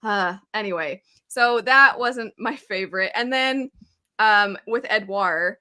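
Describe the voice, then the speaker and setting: A woman's voice: mid-range voice, slow, pushed and bright. A woman co-hosting a casual spoiler chat, chatty and laughing often as she recounts her reactions. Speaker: podcast co-host.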